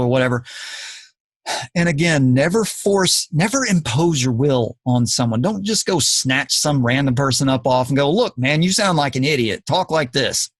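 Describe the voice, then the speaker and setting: A man's voice: mid-range voice, no echo. A man hosting a podcast, talking in an earnest, emphatic, lecturing way. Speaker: podcast host. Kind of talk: casual podcast talk.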